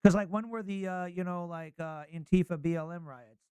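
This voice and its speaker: A man's voice: sits high, steady tone, brisk, darkish tone, clear, resonant tone, dry recording. A man co-hosting a podcast in casual, joking chat, rambling with many fillers. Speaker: podcast co-host.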